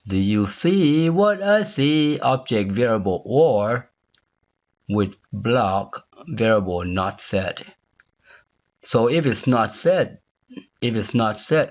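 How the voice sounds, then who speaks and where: A man teaching a software tutorial while he debugs on screen, thinking aloud, repeating phrases and asking the viewer if they see it. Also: medium pitch, highs cut off. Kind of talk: unscripted screen-recorded coding walkthrough.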